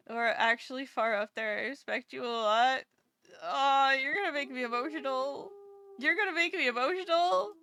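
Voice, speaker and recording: A woman's voice: high voice, normal speed, bright, forceful tone, no echo, clean studio sound. A woman streamer chatting casually with her live chat, playful and self-deprecating, teasing viewers and swearing freely. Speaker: livestreamer reading chat.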